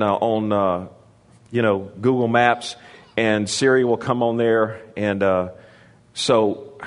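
The preacher works the room in call-and-response fashion, prompting the congregation and raising his pitch to emphasize points. Casual asides and restarts come in between.

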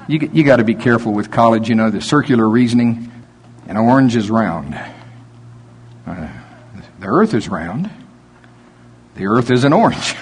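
A man preaching a sermon, reading scripture slowly with emphasis and rising into animated preaching. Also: mid-range voice, slight background noise.

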